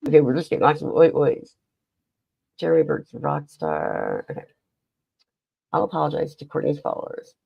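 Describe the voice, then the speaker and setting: A woman hosts a casual livestream, rambling and reading chat aloud between laughs. Her voice is gravelly and husky with a stuffy nose, and her pitch swings widely. The sound is dry and somewhat muffled. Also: wildly swooping pitch, moderate pace, long pauses, no echo. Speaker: livestream host.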